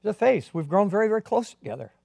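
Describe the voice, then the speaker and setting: A man preaching a sermon as a pastor, earnest, swinging between emphatic and quiet delivery. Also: high-pitched, very animated, fast talker, creaky, no echo.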